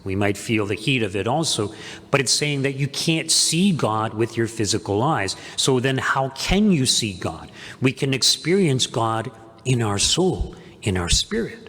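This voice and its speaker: A man's voice: mid-range voice, big pitch swings, unhurried, fairly bright tone. A man preaching a homily at Mass as pastor, earnest, with emphatic repeated phrases. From Canada. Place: church. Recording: echoey church with long reverb.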